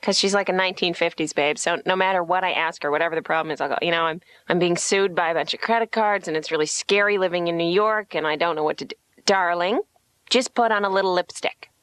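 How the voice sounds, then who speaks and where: Bright, wry comedian woman. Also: lowish voice, quick pace, few pauses, clear, resonant tone, no room sound. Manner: wry, self-deprecating, animated storytelling. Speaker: comedian as patient. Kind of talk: stand-up style monologue.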